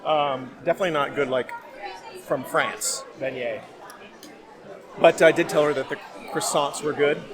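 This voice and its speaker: A man's voice: on the high side, fairly even intonation, moderate pace, pauses often, a crowd in the background. A man hosting a casual theme park food vlog, chatty and laughing often as he talks. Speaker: vlog host. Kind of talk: casual food review chat.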